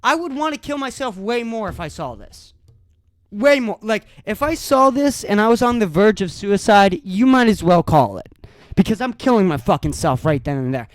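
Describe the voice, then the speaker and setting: A man rants alone on his podcast, angry and foul-mouthed, tripping over his own restarts. His pitch swings widely as he talks. The sound is dry and close, with no room around it. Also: sing-song, normal speed, dry recording. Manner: angry, profane ranting with stammered restarts. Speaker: podcast host. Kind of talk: solo podcast rant.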